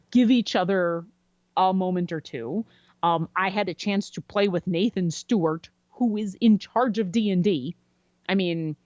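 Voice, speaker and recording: A woman's voice: on the low side, darkish tone, no echo. Chatty woman telling a story, dry sound. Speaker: podcast guest. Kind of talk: casual storytelling interview. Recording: dry, slightly dull lo-fi sound.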